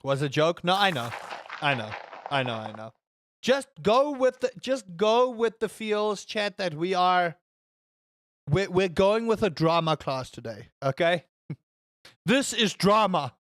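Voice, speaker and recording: A gaming streamer chatting casually with viewers while playing, rambling and swearing, with sudden high outbursts. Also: unhurried, a little hiss or hum. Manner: animated, rambling, swears, jumps to high shouts.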